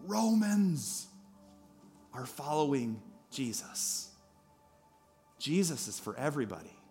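During a church service, a pastor preaches and brings a story to life, slipping in remarks to the congregation. His voice is male and mid-range.

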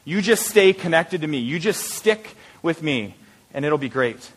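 A man's voice: on the high side, lively intonation, measured pace, husky. A man voicing a big, confident boy who captains a schoolyard team, commanding at first and then easygoing and reassuring.

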